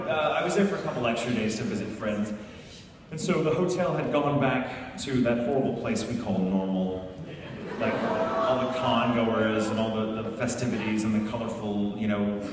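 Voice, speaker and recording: A man answering fan questions at a convention panel, telling stories in an animated, playful way and laughing often. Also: lowish voice. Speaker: guest voice actor. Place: large convention panel room. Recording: echoey hall, distant mic, loud ambience.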